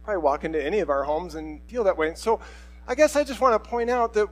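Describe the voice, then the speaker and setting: A middle-aged man pastor preaches in a relaxed, conversational way, slipping into quoted voices as he tells a personal story. His voice sits a little high for a man. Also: fast, faint music behind, rough recording.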